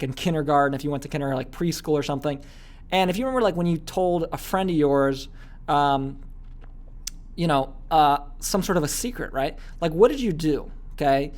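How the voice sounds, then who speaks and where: A man teaching an online course in a casual, chatty way, full of fillers and frequent "okay?" asides. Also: a little high. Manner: acts out little quoted scenes.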